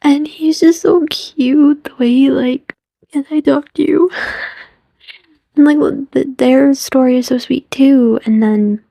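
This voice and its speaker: A woman's voice: sits high, fairly even intonation, slow pace, vocal fry, mellow, no echo. A young woman vlogger recapping a favorite movie in a gushing, casual way, often dropping to a whisper and acting out the characters' lines. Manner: gushing, often drops into whispers, acts out quotes.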